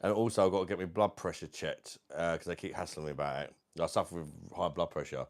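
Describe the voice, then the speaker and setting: A man's voice: low voice, fairly even intonation, fast talker. A man with a London accent, casually chatting on a livestream at home, reading out viewer comments and calling everyone mate. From South East London. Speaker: livestream host.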